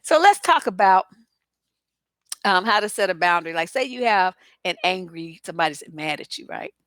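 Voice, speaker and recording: A woman's voice: on the low side, animated, normal speed, fairly bright tone, no echo. A woman relationship coach giving casual livestream advice, chatty and blunt, with many filler phrases.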